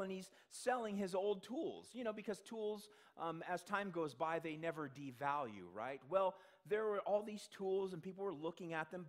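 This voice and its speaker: A male pastor delivering a sermon in a conversational way, asking the congregation questions and acting out the voices he quotes. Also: sits high. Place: church sanctuary.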